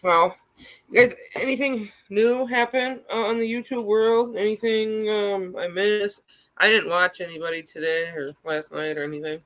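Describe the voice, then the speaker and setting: A woman's voice: medium pitch, steady tone, normal speed, a bit bright, slight background noise, rough recording. A woman in her thirties chatting casually on a livestream, rambling, reacting to chat and swearing freely.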